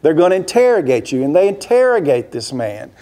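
A pastor's sermon in a church sanctuary unfolds as a story laced with rhetorical questions, with him acting out each quoted voice. His voice is fairly high and warm, very animated, and a little fast.

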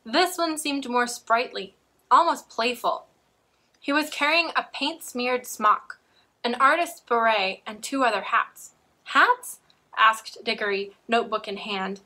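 Woman book reviewer, bright tone, earnest and keen, casual. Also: a little high, measured pace. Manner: earnest, enthusiastic, with small restarts.

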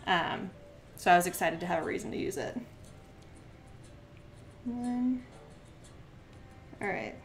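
Woman craft streamer, mid pitch, quick chatty delivery full of fillers, murmurs counts between remarks. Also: soft background music. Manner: fast-talking with many filler words; counts aloud softly while working. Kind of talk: chatty live-stream talk while crafting. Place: at home, standing at a desk.

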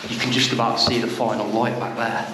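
Excitable man in a wet mine. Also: medium pitch, brisk, distant mic. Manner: excitable, exclaiming, chatty. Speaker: adventure vlogger. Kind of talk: casual exploring vlog. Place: inside a wet underground mine. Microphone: action camera. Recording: running water noise, cave echo. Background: running and dripping water.

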